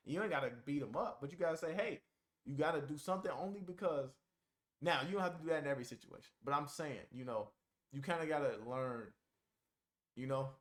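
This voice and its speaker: A man talking casually to camera, giving blunt, informal advice and repeating his points for emphasis. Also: mid-range voice.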